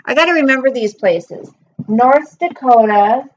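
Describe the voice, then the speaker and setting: A woman's voice: sits high, expressive, measured pace, darkish tone, muffled recording, slight background noise. A middle-aged woman chatting casually with viewers on a livestream, rambling through personal stories in an emotional way. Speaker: livestream host.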